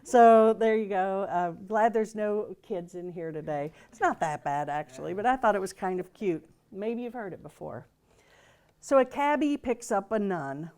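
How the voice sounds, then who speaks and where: A woman reverend gives a casual, humorous sermon to a group in a gathering room, chatty and loose with lots of fillers and restarts. Her medium-pitched voice has lively intonation, a moderate pace and a slightly mellow quality.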